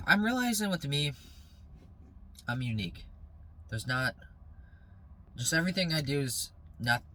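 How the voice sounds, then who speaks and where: Bright-voiced young man vlogging outdoors. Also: on the high side, low-quality recording. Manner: rambling, then heated and preachy. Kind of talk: casual motivational vlog.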